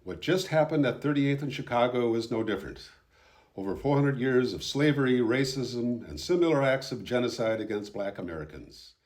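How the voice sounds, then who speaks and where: A man narrating his own documentary footage in a calm, measured, subdued voice-over. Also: mid-range voice.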